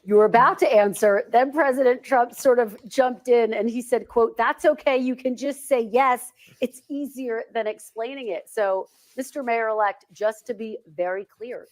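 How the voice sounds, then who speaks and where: A woman's voice: on the high side, normal speed, hardly any pauses. A woman TV news reporter asking direct, pointed interview questions.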